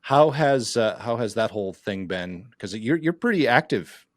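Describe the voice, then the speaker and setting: A man's voice: on the low side, expressive, normal speed, dry recording, studio quality. A man hosting a casual podcast, teasing his co-hosts and asking questions. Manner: teasing, inquisitive. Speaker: podcast host. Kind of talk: casual chat.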